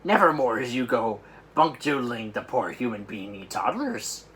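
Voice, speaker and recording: A man performs a gigantic old friendly giant from a storybook, excitable and loud. His pitch swings widely as he blurts out jumbled grammar and made-up words. A faint hiss sits under the voice. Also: moderate pace. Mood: agitated.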